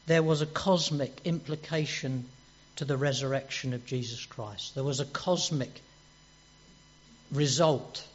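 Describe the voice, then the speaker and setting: A man preaching a sermon in an earnest way, repeating his words and putting questions to his listeners. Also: mid-range voice. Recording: dull lo-fi recording with mains hum.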